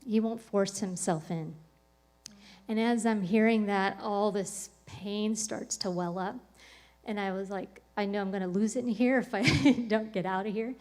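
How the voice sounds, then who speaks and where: A woman's voice: medium pitch, steady tone, measured pace, a little mellow. A woman speaking on a podcast, telling a personal story in a casual, rambling way with lots of "like" and "um". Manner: rambling, full of "like" and "um" fillers.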